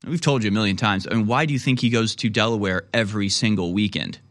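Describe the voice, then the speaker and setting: A man's voice: on the low side, fast talker. A man hosting a commentary show, talking in a sarcastic, rambling, jokey way. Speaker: host.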